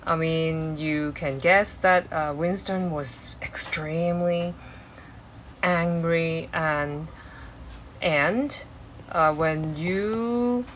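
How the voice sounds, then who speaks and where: A woman's voice: deep voice, drawn-out words, a little hiss or hum, poor audio. A woman teaching an exam-prep English lesson, explaining step by step with many fillers and restarts.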